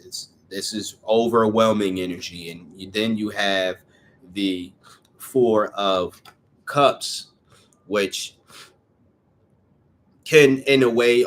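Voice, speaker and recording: A man's voice: lowish voice, a little hiss or hum. A young man giving a casual tarot reading, chatty and rambling, who sometimes stumbles over his words. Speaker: tarot reader.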